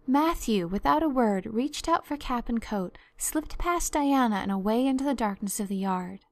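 A woman reading a classic novel aloud with measured, expressive storytelling. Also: on the high side, dry recording. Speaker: audiobook narrator. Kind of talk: scripted narration of a classic novel.

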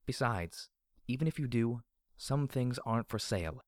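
A man's voice: mid-range voice, normal speed, no room sound, clean studio sound, voice pushed up, lightly acted. A man voicing a firm, businesslike female pony shopkeeper in a read-aloud story. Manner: steady, businesslike. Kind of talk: audiobook character reading.

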